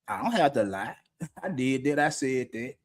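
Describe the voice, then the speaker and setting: A man's voice: medium pitch, sing-song, normal speed. A middle-aged man talking candidly as a podcast co-host, blunt and profane, often laughing mid-sentence. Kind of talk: candid unscripted talk.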